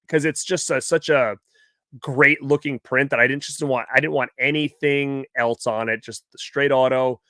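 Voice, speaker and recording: A man's voice: medium pitch, a little fast, bright, forceful tone, dry recording, studio quality. A man hosting a live stream, casually telling a rambling story and quoting the people he met. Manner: rambling, chatty, quotes people in his stories. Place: home movie room.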